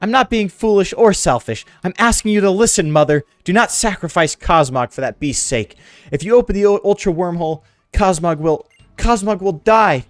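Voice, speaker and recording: A man voicing a timid, earnest teenage girl from a game, pleading in a high falsetto while reading the dialogue aloud. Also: animated, normal speed, dry recording, soft background music.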